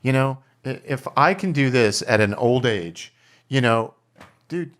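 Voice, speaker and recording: Animated, lively-voiced male storyteller. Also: medium pitch, unhurried. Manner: animated storyteller, acts out quotes, swears freely. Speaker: documentary filmmaker guest. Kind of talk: casual chat over drinks.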